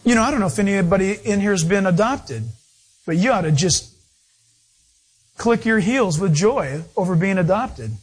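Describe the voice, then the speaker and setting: A middle-aged man preaching a sermon in an animated, storytelling style. His voice sits notably high and has a husky, slightly breathy grain. He tells his stories playfully, with asides to the congregation. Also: normal speed. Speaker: pastor.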